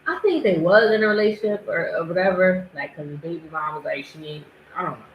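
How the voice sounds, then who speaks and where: A woman's voice: fairly low pitch, quick pace, lo-fi sound, a little hiss or hum. Woman, podcast host, casual commentary, acts out quotes, echoey room. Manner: animated, laughing, acting out quotes.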